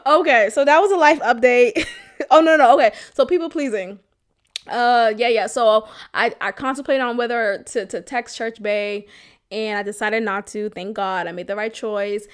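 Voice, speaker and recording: A woman hosts her own podcast and tells personal stories in a candid, animated chat. Her voice sits a little high, and she laughs often and swears freely. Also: normal speed, clean tone. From Boston area, US. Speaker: podcast host.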